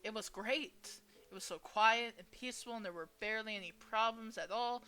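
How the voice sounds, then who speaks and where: A young woman reading a visual novel aloud as a gaming host, expressive and playful as she voices each character. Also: a little high, a little fast. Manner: expressive, reads each character's lines with shifting energy.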